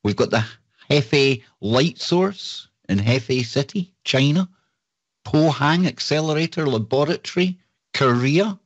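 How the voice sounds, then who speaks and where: A man's voice: on the high side, lively intonation, a little slow, dry recording, dull audio. A man hosting a live talk show, chatting casually and reading out lists with enthusiasm. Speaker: show host.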